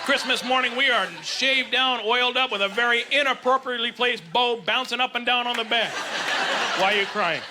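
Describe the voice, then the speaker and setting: Middle-aged stand-up, unusually high voice for a man, brash and self-mocking, live club set with loud laughter behind. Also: steady tone, a little fast, few pauses, heavy background noise. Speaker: stand-up comedian. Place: comedy club stage with a live audience.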